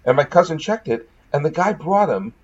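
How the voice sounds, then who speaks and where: Husky, wry storytelling man. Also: on the high side, expressive, a little fast, lo-fi sound. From Massachusetts, USA. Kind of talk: casual chat, storytelling.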